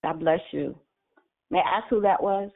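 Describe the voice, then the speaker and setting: A woman's voice: on the low side, creaky. Woman hosting a prayer call by phone. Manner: warm, quick to bless callers. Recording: phone line.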